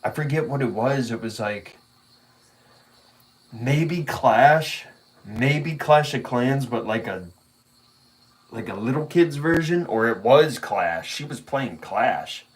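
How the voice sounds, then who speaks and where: A man chatting casually on his own channel, mid-pitched and easygoing. He rambles through a story with frequent swearing, loose slang and small laughs. The delivery is unpolished and relaxed. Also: slow, pauses often. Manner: laid-back rambling storytelling with profanity and laughter. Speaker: vlogger. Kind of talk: casual chat.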